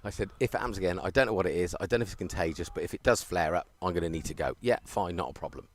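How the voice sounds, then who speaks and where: His voice sits low and races along as he commentates on a live cricket stream. He's an animated storyteller, chatting casually and laughing frequently.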